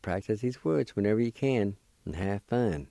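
A man teaching a language lesson, spelling and pronouncing words slowly and patiently, letter by letter. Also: on the low side, expressive, vocal fry, warm tone, no room sound. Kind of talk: slow spelling and pronunciation lesson.

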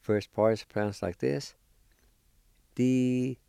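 A man teaching a language lesson, spelling words letter by letter and pronouncing them slowly and deliberately. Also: fairly low pitch, warm tone, dry recording, clean studio sound.

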